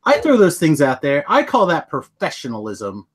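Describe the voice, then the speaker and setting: A man's voice: fairly high pitch, huge pitch swings, normal speed, slightly rough. Joking middle-aged man hosting a podcast. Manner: joking, rambling, hums tunes. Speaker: podcast co-host. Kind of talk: casual chat. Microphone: webcam video call.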